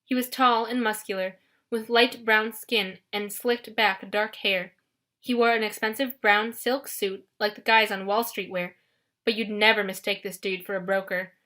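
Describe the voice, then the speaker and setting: A woman narrating a first-person audiobook in an expressive storytelling manner. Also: mid-range voice, normal speed.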